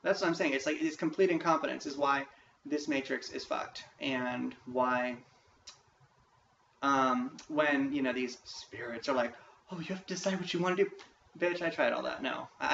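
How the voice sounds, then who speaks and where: A man's voice: medium pitch, creaky, fairly bright tone. A man in a frustrated, profane vlog rant, talking emphatically about his grievances. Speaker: vlogger. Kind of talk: ranting vlog monologue. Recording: echoey room, distant mic, dull faint hiss.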